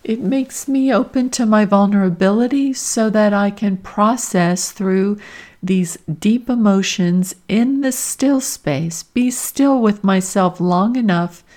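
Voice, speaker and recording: A woman's voice: medium pitch, a little mellow. A middle-aged woman hosting her own podcast as a career coach, speaking earnestly and from the heart in a reflective personal monologue. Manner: slow, earnest and heartfelt, with emotional emphasis.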